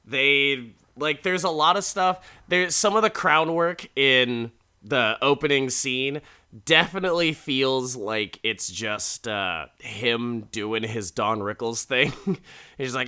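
A man casually recaps an episode with crude jokes and frequent laughter. His voice is bright and sharp, at a middling pitch. He rambles in a loose, conversational way. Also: takes it slowly, clear, resonant tone. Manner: chatty, laughing, crude asides. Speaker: podcast host recapping an episode.

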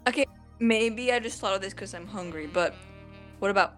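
Woman on a podcast, laughy and self-deprecating, faint music behind. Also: medium pitch. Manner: giggly, self-deprecating and quick to react. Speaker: podcast co-host. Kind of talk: casual podcast chat.

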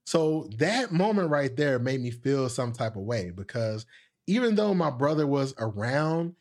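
With a sing-song voice and a measured pace, a young podcast host spins a casual, rambling story thick with fillers. He chuckles at himself and goes higher in pitch whenever he imitates the people he's quoting.

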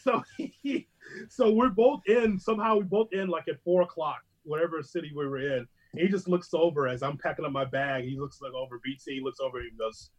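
A man who hosts sports radio, telling stories in a casual chat with another host, animated and quick to mimic other broadcasters. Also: fairly high pitch, muffled recording.

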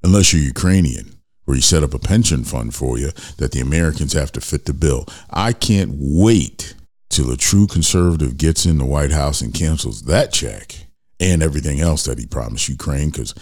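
A man's voice: very deep voice, expressive, moderate pace, darkish tone. A man hosting an opinion talk show, speaking bluntly and ranting straight to his listeners. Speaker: podcast host.

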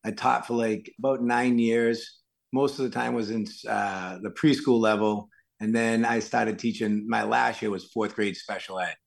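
A man from Massachusetts, a stuntman and actor, telling lively stories as an interview guest and acting out the quotes. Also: lowish voice, normal speed, creaky. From Worcester, Massachusetts. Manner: lively anecdotes full of acted-out quotes. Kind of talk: casual interview storytelling.

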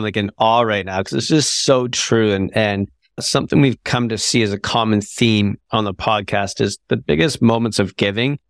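A man's voice: lowish voice, no echo, clean studio sound. A man hosting a podcast, asking questions in a casual, enthusiastic way with effusive praise. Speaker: podcast host.

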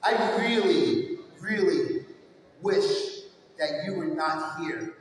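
Man playing a cold abusive stepfather, slow contemptuous jabs, high-pitched, booming in a big hall. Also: slight background noise. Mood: cold cruel. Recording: echoey hall, far from mic.

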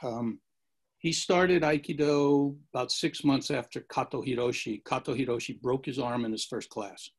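Gravelly, husky man telling stories. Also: mid-range voice, normal speed. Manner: rambling anecdotes with acted quotes. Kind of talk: casual storytelling.

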